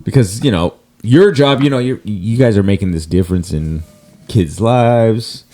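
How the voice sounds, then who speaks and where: Lowish voice dude on a podcast, rambly, fumbles words, swears a bit. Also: male voice, normal speed, warm tone. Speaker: podcast co-host. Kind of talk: casual chat.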